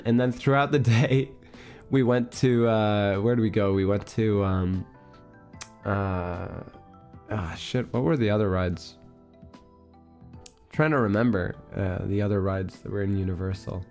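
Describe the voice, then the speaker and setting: A young man streaming a casual chat, his voice still a little hoarse and worn, rambling through an animated story. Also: mid-range voice. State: hoarse, recovering voice.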